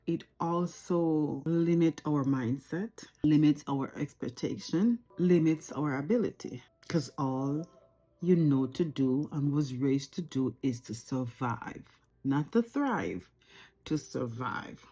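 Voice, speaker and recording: Jamaican woman, forties, mellow and warm tone, unscripted reflective to-camera talk from home. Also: deep voice, takes it slowly. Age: 40s. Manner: reflective, earnest, repeats phrases for emphasis. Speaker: vlogger.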